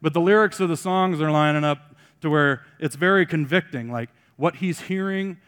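A man preaching a sermon to a congregation, mixing joking asides with loud emphatic points and quiet remarks. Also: on the high side, moderate pace, smooth, in a large hall. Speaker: pastor.

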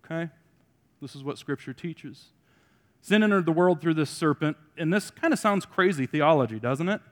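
A man preaching a sermon to a congregation, mixing joking asides with loud emphatic points and quiet remarks. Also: fairly high pitch, animated, moderate pace, long reverb tail. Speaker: pastor.

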